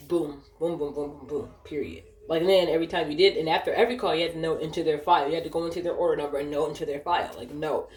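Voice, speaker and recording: A woman's voice: fairly low pitch, a little mellow, roomy sound. A woman telling a work story while gaming, cursing and ranting, often sidetracked. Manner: profane, ranting, easily distracted.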